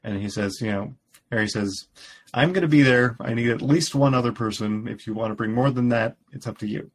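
A man's voice: lowish voice, fairly even intonation, brisk. A man co-hosting a podcast, recapping a story in casual chat with a dry, wry delivery. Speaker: podcast co-host.

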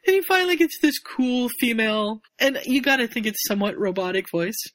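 A woman chatting casually as she retells a story, her pitch jumping all over as she acts out each character. She is recorded close and dry. Her voice sits a little on the high side. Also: expressive, fairly quick, fairly bright tone, no room sound. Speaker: podcast co-host.

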